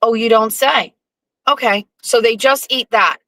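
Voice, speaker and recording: A woman hosting her own show, telling a profane, animated story with sarcastic asides in a casual live-stream monologue. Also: on the high side, measured pace, dry recording, low-quality recording. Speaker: show host.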